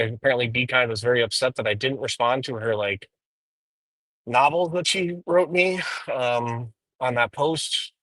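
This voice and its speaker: A man's voice: mid-range voice, a bit bright, no room sound, poor audio. A man streaming live while driving, rambling through profane drama commentary with frequent ums. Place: inside a car.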